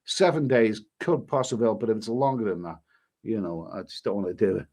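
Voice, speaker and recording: A man's voice: fairly low pitch, a little fast, darkish tone. A man hosting a travel live stream, reading viewer comments aloud and rambling in an exasperated way. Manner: rambling, exasperated, swears mildly.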